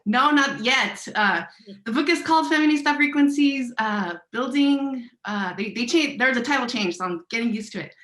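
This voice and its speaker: A woman's voice: fairly high pitch, expressive, normal speed, a bit bright. A woman academic introducing herself on a webinar video call, emotional and grateful as she speaks. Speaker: assistant professor. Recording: roomy video call audio.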